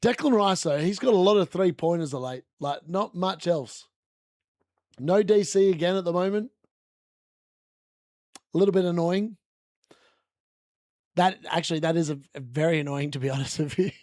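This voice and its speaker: A man giving chatty, excitable live commentary on a fantasy football watch-along stream, laughing often and correcting himself as he goes. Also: high voice, normal speed, pauses often, no echo, clean studio sound. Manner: corrects himself mid-sentence.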